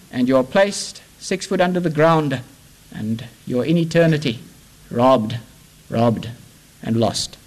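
A man preaching a sermon, impassioned, moving between loud urging and hushed pleading. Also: on the high side, low-quality recording.

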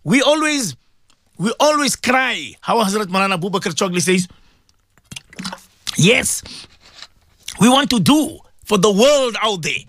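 A man's voice: high-pitched, lively intonation, measured pace, pauses often, a bit bright, no echo. A man with a South African accent giving an impassioned radio sermon, pleading with listeners and repeating phrases for emphasis. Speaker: radio presenter and Islamic preacher.

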